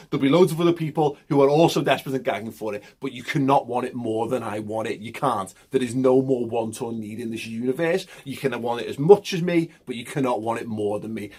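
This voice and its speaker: A football fan vlogger delivers an impassioned, emphatic monologue, swearing and repeating himself to drive the point home like a pep talk. His voice is mid-range, slightly mellow and husky.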